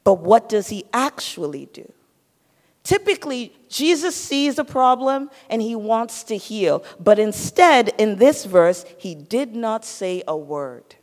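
A woman's voice: fairly high pitch, lively intonation, slow pace, a little mellow. A woman preaching a sermon, teaching and putting questions to her listeners. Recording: long hall reverb.

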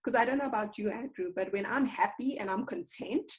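A woman's voice: mid-range voice, brisk, rough recording. Chatty woman host who tells anecdotes. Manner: warm, laughs easily, tells anecdotes. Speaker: podcast host. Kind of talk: casual conversation.

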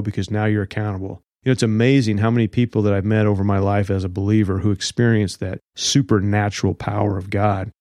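Low-voiced man teaching the Bible. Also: darkish tone, no room sound, clean studio sound. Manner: conversational, with casual slang asides.

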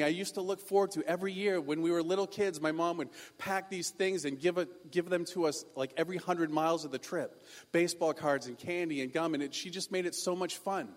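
A pastor tells a personal story from the pulpit, animated and self-deprecating. His voice sits a touch high for a man. A long reverb from a large hall hangs behind him. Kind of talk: sermon storytelling.

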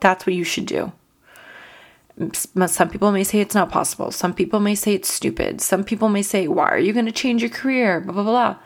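A young woman hosting a podcast, talking earnestly and emotionally with a voice cracking from crying, full of "like" and "you know". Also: fairly low pitch. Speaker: podcast host. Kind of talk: casual solo podcast talk.

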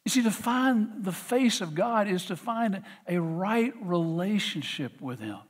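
High-voiced pastor preaching. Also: male voice, expressive, a little slow. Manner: earnest, repeats words at restarts. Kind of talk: sermon.

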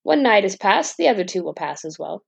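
A woman voicing a fearless, cheeky young boy in a storybook tale, speaking boldly and brightly. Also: medium pitch, big pitch swings, brisk, gravelly, husky, exaggerated voice. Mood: carefree. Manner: bold, bright and unbothered.

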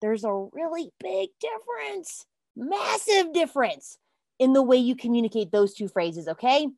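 A woman's voice: high-pitched, moderate pace, gravelly, slight background noise. Earnest woman giving a motivational talk. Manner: earnest, emphatic, addresses listeners as "you guys"; bursts into excited exclamations. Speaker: self-help podcast host.

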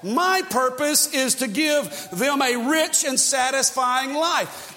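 A male pastor preaching a sermon with passion, swinging from shouted peaks to hushed, quiet passages. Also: extremely high pitch, lively intonation, takes it slowly, few pauses, long reverb tail, a faint crowd, slight background noise.

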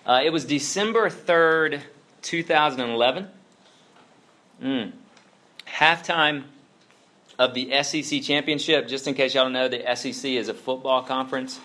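Bright-voiced pastor, chatty sermon. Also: male voice, mid-range voice, normal speed, long pauses. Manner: chatty, filler-heavy storytelling with lots of "like". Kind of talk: casual conversational sermon.

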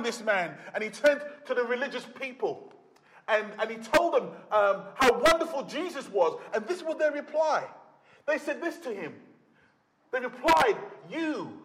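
High-voiced man preaching in a reverberant hall. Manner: dramatic, acts out the Bible characters' voices, rising to loud emphasis. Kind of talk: sermon.

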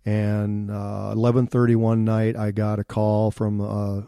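A middle-aged man speaks as an interview guest, sharing a personal story in an earnest and reflective manner. His voice sits low and warm, and it sounds close and dry with no room echo. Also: completely flat delivery, measured pace, vocal fry, clear, resonant tone.

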